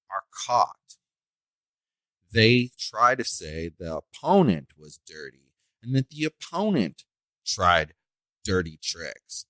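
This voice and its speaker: A man's voice: on the low side, bright, forceful tone, no echo, rough recording. A man hosting a solo podcast, ranting in an indignant, emphatic way and drawing out the words he stresses. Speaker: podcast host.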